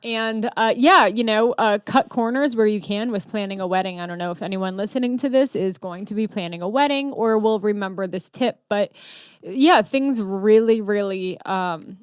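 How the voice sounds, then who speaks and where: A woman's voice: mid-range voice, normal speed, clear, resonant tone, no echo. A woman hosting a podcast in a studio, chatting candidly and joking with plenty of swearing. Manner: candid, profane, jokey. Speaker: podcast host. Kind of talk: casual podcast chat.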